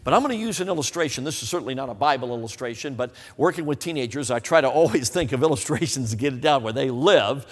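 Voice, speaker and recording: The audio captures a reverberant church hall where a man preaches fast and with few pauses, his voice medium in pitch. It's a folksy, humorous sermon told through animated stories, and he frequently checks whether listeners know what he means.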